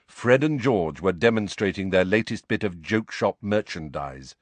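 Expressive male audiobook narrator. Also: low-pitched, dry recording. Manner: expressive, measured storytelling.

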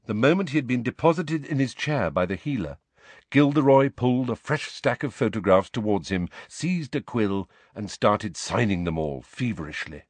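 A man reading a storybook aloud, in an expressive, lively way. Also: mid-range voice, moderate pace, no room sound. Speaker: audiobook narrator.

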